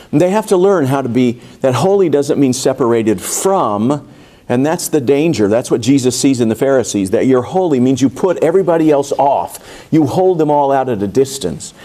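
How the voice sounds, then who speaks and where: A man's voice: mid-range voice, lively intonation, normal speed, warm tone. A man preaching a sermon in a church, talking in a loose, conversational way with asides and restarts. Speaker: pastor. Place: church sanctuary.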